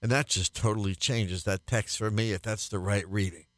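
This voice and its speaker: A man's voice: on the low side, fairly even intonation, moderate pace, no echo. Earnest male radio preacher, dry studio sound. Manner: earnest, builds to emphatic repeated refrains. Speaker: pastor and radio Bible teacher. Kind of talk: radio Bible teaching.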